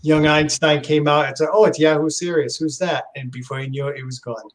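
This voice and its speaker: A man's voice: a little high, steady tone, a little fast. A man co-hosting a casual livestream, rambling fondly about old shows with many restarts. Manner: rambling, fond of nostalgia, stumbles and restarts. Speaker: regular co-host. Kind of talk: casual chat. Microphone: headphones with a computer mic on a call.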